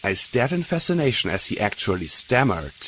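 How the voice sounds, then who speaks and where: A man's voice: mid-range voice, sing-song, brisk, a bit bright, a little hiss or hum, poor audio. A man narrating a fan-fiction audiobook, telling the story steadily and voicing every character. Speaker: audiobook reader.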